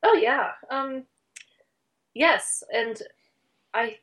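Halting woman guest, full of ums. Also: on the high side. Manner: hesitant, halting, lots of fillers, warm enthusiasm. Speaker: race reporter guest. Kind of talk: casual interview chat.

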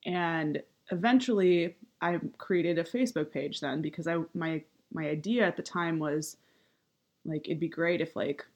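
A woman in her thirties speaking in a low, unhurried voice. She talks in a loose, casual monologue, full of vocal fry and upward inflection. Fillers like "um" and "you know" come often. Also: a little mellow. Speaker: writer and activist.

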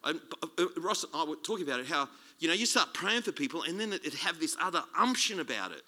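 A man preaching a sermon as a guest speaker, chatty and animated, joking and restarting his sentences. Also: fairly high pitch, quick pace. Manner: animated, conversational, jokey preaching with many restarts.

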